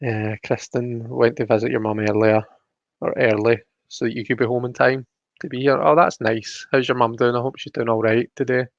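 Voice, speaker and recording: Gravelly man hosting a live stream. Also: mid-range voice, little pitch movement, brisk, dry recording. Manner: chatty, greets viewers by name, reads chat aloud. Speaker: livestream host. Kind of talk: casual live-stream chat. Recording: dull, dry lo-fi stream audio.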